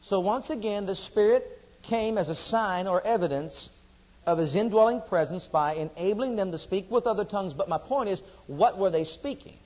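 A man preaching a sermon who asks the congregation questions and swings between loud emphasis and quiet asides. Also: high-pitched, moderate pace, dull audio.

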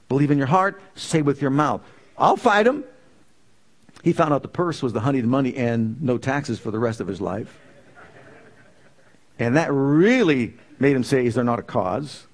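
A man preaching a sermon in an emphatic way, repeating key phrases with building intensity. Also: medium pitch.

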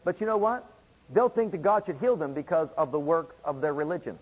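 Man preaching, high voice, husky tone, emphatic repetition, dull lo-fi recording. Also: brisk. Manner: emphatic, repeats phrases and reads scripture aloud. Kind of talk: sermon.

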